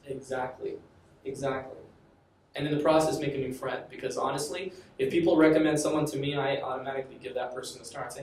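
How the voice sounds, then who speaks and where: A man's voice: medium pitch, steady tone, fast, a little mellow. A man giving a classroom lecture in a conversational way, often repeating and restarting phrases. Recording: echoey classroom from far off, faint noise.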